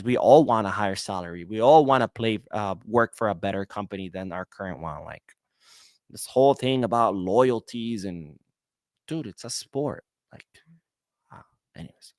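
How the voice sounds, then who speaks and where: A man hosting a casual solo podcast, reading viewer comments and answering them in an animated, outspoken way, sometimes swearing. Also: lowish voice, no room sound, clean studio sound. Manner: animated, talks back to viewers, swears when worked up. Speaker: podcast host. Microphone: webcam setup, talking to camera.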